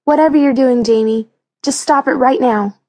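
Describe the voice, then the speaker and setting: A woman's voice: fairly high pitch, normal speed, a little mellow, slightly rough. A woman reading an audiobook, voicing an impatient girl trying to seem older, with a huffy edge.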